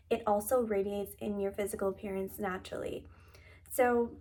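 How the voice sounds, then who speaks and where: Young adult woman, casual vlog host, soft and relaxed, heartfelt delivery. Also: fairly high pitch. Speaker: lifestyle vlogger. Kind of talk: casual vlog talk to camera.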